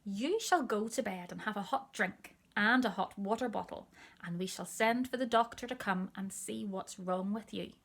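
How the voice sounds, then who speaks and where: A woman's voice: medium pitch, normal speed, vocal fry, fairly bright tone. A woman playing a coaxing, patient mother.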